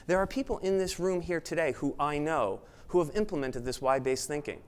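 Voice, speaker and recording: A man's voice: fairly high pitch, brisk, clear, resonant tone. A man giving an earnest, emphatic motivational talk at a conference, speaking to an audience in a room. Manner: earnest, emphatic, acts out excited voices.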